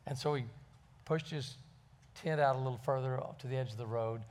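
A man's voice: mid-range voice, a little fast, a little mellow. A man preaching a sermon and telling a story in a folksy way, with fillers.

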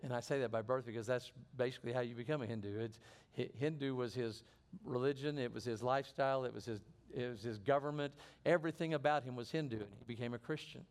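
A man's voice: mid-range voice, quick pace, few pauses. A middle-aged man preaching a sermon in an earnest way, often restarting and repeating phrases. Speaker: pastor.

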